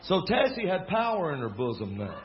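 A man's voice: fairly high pitch, a little fast. Folksy Southern man preaching a story. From American South. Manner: folksy, animated storyteller with laughing asides. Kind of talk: storytelling sermon. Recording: dull lo-fi recording with faint crowd and noise. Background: faint audience laughter.

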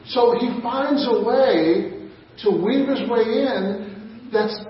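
Echoey, high-voiced preacher from afar. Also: male voice, extremely slow, slight background noise. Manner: conversational, with rhetorical questions. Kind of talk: sermon. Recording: echoey, muffled room mic from a distance.

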